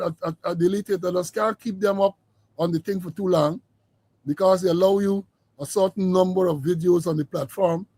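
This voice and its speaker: Casting note: emphatic man, drawls key words, high voice. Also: a little mellow, no room sound. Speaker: political commentator. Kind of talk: informal political commentary monologue.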